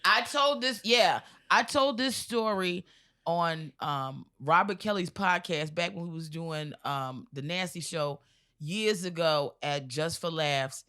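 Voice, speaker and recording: American lady comedian on a podcast, bright voice, doing all the voices in her joke. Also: on the low side, takes it slowly. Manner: animated storyteller, acts out voices and monkey noises. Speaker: comedian guest. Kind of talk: telling a long street joke on a podcast.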